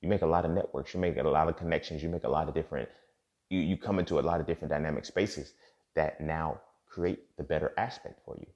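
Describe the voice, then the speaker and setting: This podcast host has a very deep, slightly mellow voice and moves at a quick clip. He gives a laid-back pep talk loaded with cursing street slang, often asking "you feel me," captured on a dull lo-fi recording.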